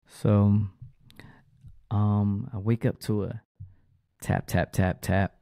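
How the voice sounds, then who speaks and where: A man's voice: fairly low pitch, vocal fry, warm tone, no room sound, studio quality. A man casually telling a personal story in a loose, profane, slangy way.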